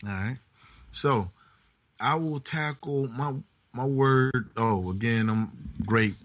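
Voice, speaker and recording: A man's voice: medium pitch, slow. A man co-hosting a podcast, recovering from covid, telling a family story in casual chat and laughing often. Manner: storytelling, animated, laughs a lot. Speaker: podcast co-host. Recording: dull lo-fi podcast audio.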